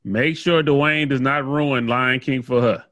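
A man co-hosting a podcast, keeping things moving with relaxed prompts. His voice sits in a middle pitch, and the recording is dry and close, with no room sound at all. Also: unhurried, no room sound. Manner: easygoing, nudges the talk along. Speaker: podcast co-host. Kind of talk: casual chat.

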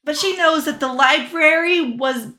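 A woman co-hosting a podcast, casually recapping a TV episode and acting out the characters' lines. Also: high-pitched. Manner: lively, acts out characters' lines in quick voices. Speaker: podcast co-host recapping a TV show. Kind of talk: casual chat, recapping with acted quotes.

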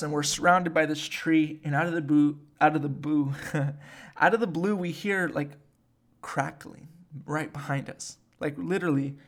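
Animated young man telling a story. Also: a little high. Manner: animated, swearing, many fillers. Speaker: podcast host. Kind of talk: casual storytelling.

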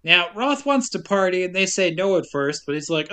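A man's voice: sits high, animated, normal speed, few pauses, pushed and bright, smooth. A man co-hosting a podcast, recapping a movie plot in casual chat with a wry, laughing delivery.

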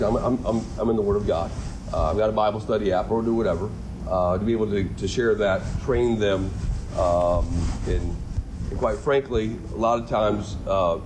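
A middle-aged male pastor preaching in a conversational, earnest way, with a voice of ordinary pitch for a man. He repeats words as he builds up to a point and lifts his voice for emphasis. There is faint noise behind him. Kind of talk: sermon.

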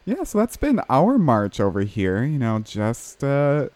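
A man's voice: medium pitch, wildly swooping pitch, unhurried, darkish tone, slight background noise. A man chatting casually, rambling with many fillers and laughing at himself. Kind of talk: casual chat over a video call.

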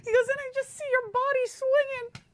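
A woman co-hosting a casual chat podcast, telling a story with animated acted-out quotes and casual swearing. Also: very high-pitched, a little fast, no room sound, shouting. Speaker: podcast co-host.

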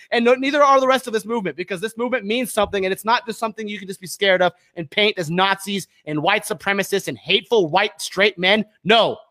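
Man, podcast host, heated rant, high voice, bright and tense. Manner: fired up, shouting accusations, then calm plugs. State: sweating, worked up.

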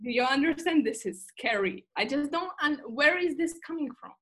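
A young woman from Russia, a guest on a casual podcast, telling lively stories, acting out quotes and laughing often. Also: high voice, normal speed. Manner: animated storyteller, acts out quotes, laughs often.

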